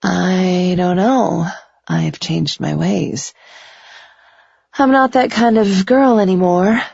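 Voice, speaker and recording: A woman voicing a passionate young heroine who speaks in a breathy, teasing way. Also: fairly low pitch, slow pace, a little mellow, no room sound, pitched above the performer's own voice, exaggerated voice. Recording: slightly dull lo-fi recording.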